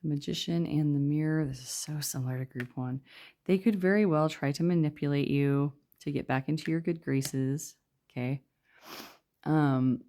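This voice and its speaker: A woman giving a casual, rambling tarot reading, talking quietly with lots of fillers. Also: very deep voice. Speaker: tarot reader.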